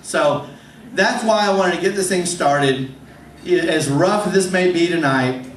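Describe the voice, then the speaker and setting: The host of an open mic comedy night, a man with a fairly high pitch, takes his time telling a rambling, self-deprecating stand-up story that keeps restarting. A distant mic picks him up in an echoey club room, with a faint hum underneath.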